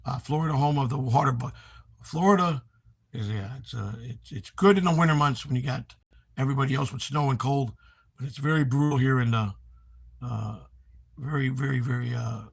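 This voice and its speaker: A man in his fifties from Chicago with a Chicago accent, hoarse, chatting casually on a livestream and reading viewer comments in a rambling, halting way. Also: medium pitch. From Chicago, USA. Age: 50s. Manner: rambling, halting with many fillers. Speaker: livestream host. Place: home in Florida.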